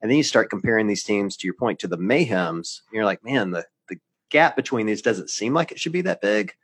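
A man's voice: on the low side, expressive, a little fast, a bit bright, slightly rough. A man co-hosting a podcast in casual chat, with self-deprecating jokes.

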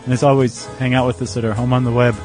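A man's voice: mid-range voice, little pitch movement, quick pace, loud music behind the voice. A man co-hosting a podcast in casual chat, wry and joking. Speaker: podcast co-host.

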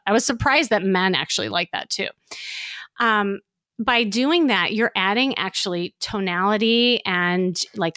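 A middle-aged woman coaching on dating in a lively, chatty monologue, bouncing between playful lifts and quick asides. Her voice sits at an ordinary pitch and sounds close and dry, with no room around it. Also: no echo. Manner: animated, upbeat, chatty with frequent fillers. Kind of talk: casual advice monologue.

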